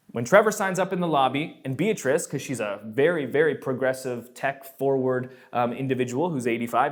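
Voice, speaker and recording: Man, show host, casual Q&A explainer, energetic, quick and animated, jokes around. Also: on the high side. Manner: energetic, fast, animated, jokey. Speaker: show host answering viewer questions.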